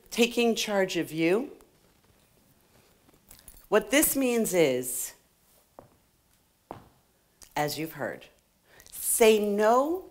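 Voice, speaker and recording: A middle-aged woman giving a playful, animated motivational talk to a live conference audience, laughing often and joking with the crowd. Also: medium pitch. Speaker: conference speaker. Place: conference hall stage.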